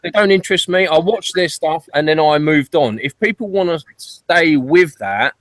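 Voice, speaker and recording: A man's voice: a little high, expressive, normal speed, a bit bright, dry recording. A man hosting a casual group chat, talking in a reflective, rambling way with hesitant restarts. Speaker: channel host.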